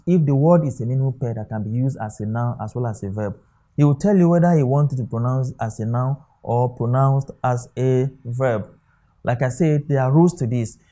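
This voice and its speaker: Man, Nigerian English accent, tutor, dark warm tone, quizzing tone with frequent okays. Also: mid-range voice. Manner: asks rhetorical questions, repeats okay. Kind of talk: exam-prep lesson.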